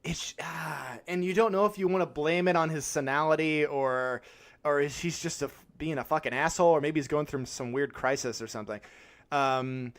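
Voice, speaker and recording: A man co-hosting a podcast, chatting casually about a film, animated and given to crude jokes. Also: on the high side, moderate pace. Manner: animated, acts out characters' lines, crude humor. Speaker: podcast co-host. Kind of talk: casual film-review chat.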